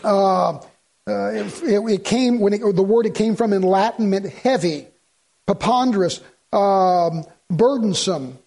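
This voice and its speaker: A man's voice: high voice, measured pace, vocal fry, a little mellow. A man preaching a sermon to a congregation in a folksy, rambling way with joking asides. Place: church in front of a congregation.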